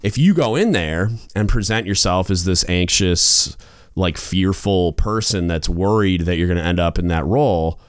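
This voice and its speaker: Deep, passionate male podcast host. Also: lively intonation, normal speed, smooth, no echo, studio quality. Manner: passionate, emphatic, loud at times; rambling with many restarts and fillers. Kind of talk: advice monologue.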